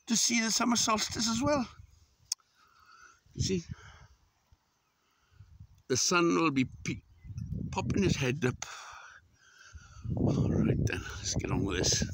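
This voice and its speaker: With slight background noise, a Welshman in his sixties climbs a hillside and talks breathlessly about his walk for his vlog. His voice is fairly high, gravelly, and fairly bright, and the casual chatter is peppered with exclamations and swearing.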